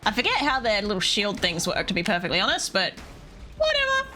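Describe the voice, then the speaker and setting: A woman streamer giving live gameplay commentary, excitable and foul-mouthed, often talking straight to the characters in the game. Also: medium pitch, fast talker, noisy background. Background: faint game music.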